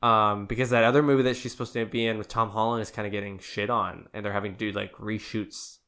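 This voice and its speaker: A man hosting a podcast in casual chat, easygoing and quick to laugh, reading out news items with many fillers. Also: on the low side, fairly even intonation, a bit bright, clear, resonant tone. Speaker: podcast host.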